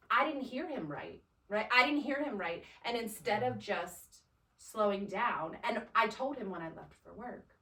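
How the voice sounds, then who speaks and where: A woman's voice: mid-range voice, expressive, unhurried, bright, forceful tone. A woman in casual chat, telling a story with energy, often acting out both sides of an exchange and ending her points with a questioning "right?". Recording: roomy sound from a distant mic.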